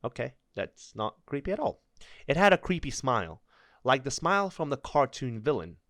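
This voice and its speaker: Casting note: male reader, mid-range pitch, jittery and joking, trips over words, close dry recording. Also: big pitch swings, moderate pace, fairly bright tone, no room sound. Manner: nervous, stumbling reader who laughs and breaks in with asides. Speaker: storyteller reading online stories. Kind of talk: reading aloud with joking commentary.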